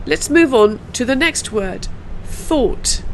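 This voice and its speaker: British woman, pronunciation teacher, higher voice, slow deliberate delivery, faint noise behind. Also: animated, fairly bright tone, rough recording. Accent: British English. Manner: slow, carefully drilled pronunciation with repeated sounds. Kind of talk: pronunciation lesson.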